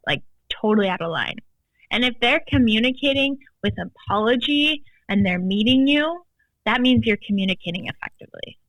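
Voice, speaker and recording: A woman's voice: fairly high pitch, animated, normal speed, fairly bright tone, no room sound, rough recording. Podcast guest: an emphatic woman coach, casual, with a dry close sound. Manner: emphatic, frequent "like" fillers. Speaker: guest, tantra and embodiment coach.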